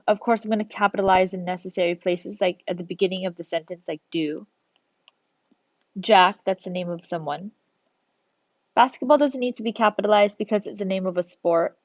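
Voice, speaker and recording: A woman's voice: lowish voice, no room sound, muffled recording. A woman teacher talking through a recorded grammar lesson, patient, step by step, thinking aloud as she works.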